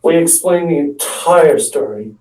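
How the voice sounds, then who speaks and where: A man's voice: fairly high pitch, lively intonation, measured pace, darkish tone, far from the mic, faint music behind. Rambling young man telling a story. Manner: rambling, restarts often, acts out quotes. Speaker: stand-up comedian telling a story. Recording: echoey room, voice off-mic.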